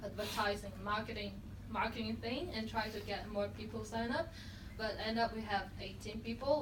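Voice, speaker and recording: A woman, the team captain, speaking casually to an audience with many fillers and pauses. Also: medium pitch. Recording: echoey room, far mic, noisy.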